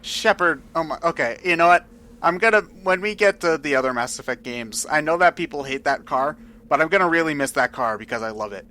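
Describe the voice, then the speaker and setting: Male let's play co-host, light bright voice, chatty, laughs easily. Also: a little high, expressive, fairly quick. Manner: chatty and giggly. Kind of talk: casual gaming commentary.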